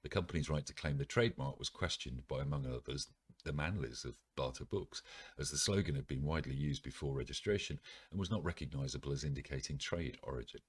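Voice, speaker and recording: A man's voice: a bass voice, quick pace, breathy edge. A man from the United Kingdom reading articles aloud as a podcast host, with frequent ums and wry ironic asides.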